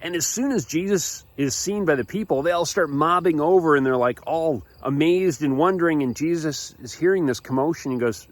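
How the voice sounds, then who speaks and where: A man telling a story for children's church, animated and casual, restarting often and chuckling along. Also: a little high, moderate pace, no echo.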